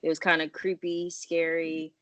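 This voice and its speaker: A woman reflecting a speaker's feelings back to her, slow and tentative, with frequent "um"s. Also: low voice, monotone, fairly bright tone, no room sound. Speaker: listener practicing reflective listening.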